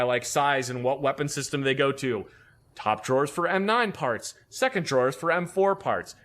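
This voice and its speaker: A man tells a war-story-style anecdote with a bright, forceful voice that sits a little high. His delivery is animated and profane, with a deadpan edge, as he recounts his old days as a soldier. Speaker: podcast guest, army veteran. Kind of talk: storytelling in casual chat.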